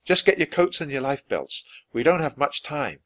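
A serious young boy from a storybook, earnest and steady as a man reads him. The voice sits a little higher than the reader's own and moves with lively rises and falls. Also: normal speed.

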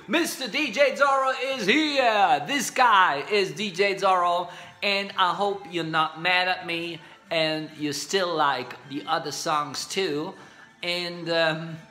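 A middle-aged man from Spain with a slightly hoarse but bright, rather high voice. He talks slowly and casually, chuckling and filling gaps with "um." Faint music plays behind him. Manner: chuckling, meandering, full of fillers. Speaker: singer recalling his recording career. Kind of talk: casual storytelling to camera. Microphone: camera mic.

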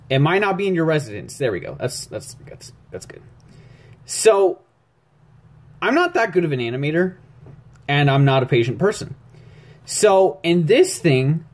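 Pitched on the high side with a darkish tone, a young man narrates his animation tutorial for YouTube while drawing. It's a casual screen recording made on a phone, and he's rambling and jittery, muttering to himself and poking fun at himself.

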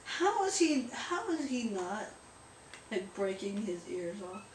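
A woman's voice: mid-range voice, big pitch swings, slow pace. A woman hosting a let's play, rambling and joking at her own expense in casual gameplay commentary. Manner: rambling, jokey and self-mocking. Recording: roomy echo, distant mic, faint noise.

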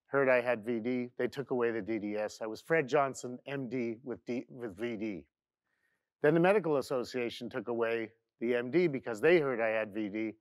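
A man tells a wordplay joke, building it up in steady repeated steps. His voice is medium in pitch and recorded dry and close. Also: no room sound. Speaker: joke teller. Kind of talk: telling a joke.

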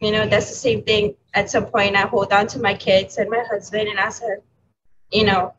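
A woman educator from New York City, talking candidly as an interview guest, halting and laughing softly. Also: mid-range voice, level tone. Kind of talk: emotional interview talk. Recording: dull lo-fi audio with clear background noise.

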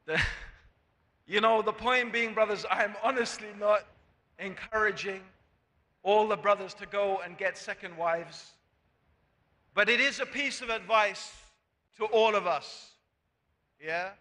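High, bright-voiced preacher in a hall. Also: male voice, unhurried, pauses often. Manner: rhetorical questions to the audience. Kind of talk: sermon. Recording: long hall reverb.

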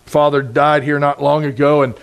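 A middle-aged man preaching a sermon in a conversational, intense way, with sudden loud bursts. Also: a little high, level tone, normal speed, creaky, smooth. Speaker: pastor.

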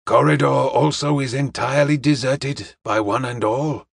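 A man's voice: mid-range voice, steady tone, vocal fry, breathy edge, no echo, studio quality. A man voicing a courteous middle-aged male detective who speaks formally and evenly. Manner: polite, formal, measured.

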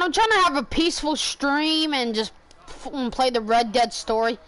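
A woman's voice: high-pitched, expressive, normal speed, bright, forceful tone. A woman live-streaming a game, raging and swearing at her chat. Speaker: gaming streamer.

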